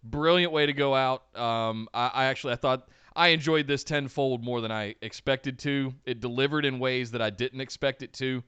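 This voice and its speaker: A man co-hosts a casual wrestling podcast, giving an enthusiastic recap full of fillers. His voice is smooth and resonant at a middle pitch. The recording is dry and close. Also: normal speed, few pauses, a bit bright, no echo. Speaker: podcast co-host.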